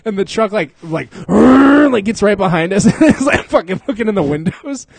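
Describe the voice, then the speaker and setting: A young man with a somewhat high, slightly husky voice tells rambling stories to his friends. He laughs often and swears freely. The sound is dry and close. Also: lively intonation, moderate pace, no echo. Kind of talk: casual storytelling among friends.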